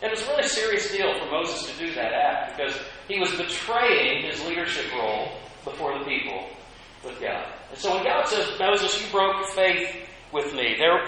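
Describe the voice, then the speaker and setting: A man preaching a sermon as pastor, telling a Bible story with animated voices for the complaining people. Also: a little high, very echoey, a little hiss or hum, low-quality recording.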